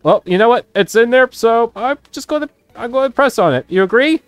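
A woman's voice: fairly high pitch, animated, fairly quick, clear, resonant tone, no echo, faint music behind. Woman making offhand gaming comments. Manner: offhand, joking asides. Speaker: gaming streamer. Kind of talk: casual commentary while playing.

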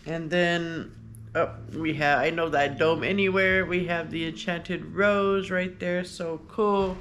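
A woman hosting a casual unboxing vlog, talking in a gushing, excitable way. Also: fairly low pitch, slow pace, slight background noise. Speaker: vlogger host. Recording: paper crinkling and clicks behind.

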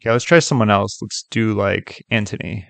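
A man's voice: lowish voice, normal speed, vocal fry, no room sound. A man hosting a casual tutorial, talking loosely with lots of "like" and "okay" as he tests sample clips. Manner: loose and chatty, many fillers like "like" and "okay". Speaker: tutorial host. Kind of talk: casual screen-recorded tutorial.

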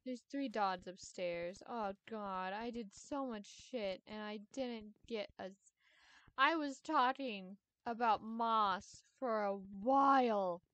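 A woman's voice: on the high side, takes it slowly, fairly bright tone, no echo. A woman giving casual gameplay commentary, upset and exasperated, rambling and swearing freely. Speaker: gamer.

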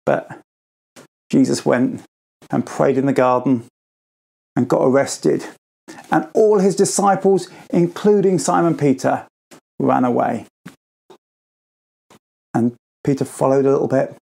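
A man speaking at a school assembly, retelling a story to children in a casual way and jumping his pitch up to act out the quoted lines. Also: expressive, a little slow, gravelly, long pauses, dark tone. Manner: informal, acts out quoted lines with pitch jumps.

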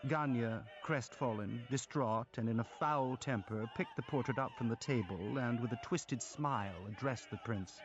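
A man narrates a classic novel in a measured, expressive way. His voice sits at an ordinary pitch, the recording slightly dull, with soft music running underneath. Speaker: audiobook narrator.

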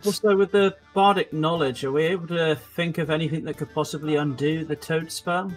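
A man playing a tabletop game, asking measured questions. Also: fairly high pitch, fairly even intonation, soft background music, rough recording. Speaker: player. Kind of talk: casual tabletop play.

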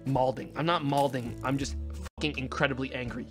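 A man streaming a fishing game, chatting to his viewers, swearing and shouting in frustration and excitement. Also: mid-range voice, brisk, over music. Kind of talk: gaming livestream commentary.

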